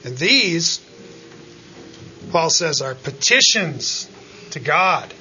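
A man preaching a sermon as pastor, dropping to quiet asides and then climbing into loud, rising pleas, often calling out "Amen?" to the congregation. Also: fairly high pitch, big pitch swings, slow, long pauses, highs cut off, soft background music.

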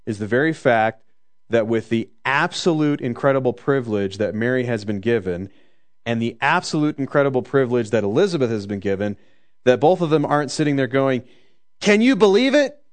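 A man preaching a conversational sermon, joking in asides and slowing down to stress the scripture. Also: mid-range voice, animated.

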